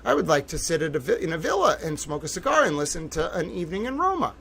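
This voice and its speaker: A man hosting a livestream as a reporter, giddy and sarcastic with loud profane outbursts. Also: a little high, sing-song, fast talker, hardly any pauses, a little hiss or hum. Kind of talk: ranting livestream commentary.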